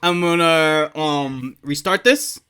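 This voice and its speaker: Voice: mid-range voice, slow, background noise. A streamer chatting casually, rambling, swearing and laughing often while setting up a video.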